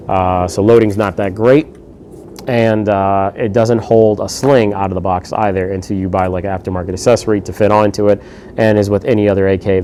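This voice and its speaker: A man giving a casual, laid-back firearms review, swearing freely and filling pauses with lots of ums and uhs. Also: deep voice, warm tone, a little hiss or hum.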